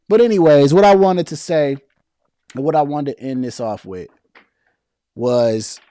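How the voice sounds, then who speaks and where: Slangy, animated man with a dry sound. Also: on the high side, dry recording. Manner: loose and animated, slangy, frequent restarts and repeated words. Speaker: political commentary host. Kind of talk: casual political commentary, reading viewer comments.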